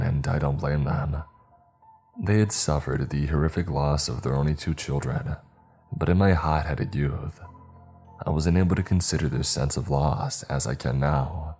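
A man narrating a scary story in a calm, measured storytelling manner. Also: a bass voice, husky. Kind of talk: scripted horror story narration. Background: faint music.

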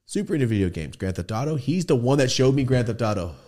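A man's voice: medium pitch, sing-song, quick pace, warm tone. A man in his thirties hosting a podcast, telling a casual, profane story and acting out the quoted voices. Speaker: podcast host. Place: podcast studio.

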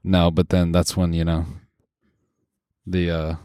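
A man's voice: low-pitched, monotone, slow, warm tone, smooth, no echo, clean studio sound. A man co-hosting a podcast in casual chat, joking and riffing on bits while laughing a lot. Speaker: podcast co-host.

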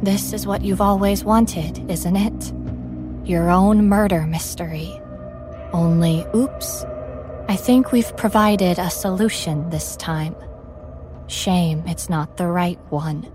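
A woman's voice: fairly low pitch, fairly even intonation, takes it slowly, over music. A woman voicing a cruel, inhuman female entity who mocks her victim in a sing-song, taunting way, in a horror story reading. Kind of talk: scripted horror narration.

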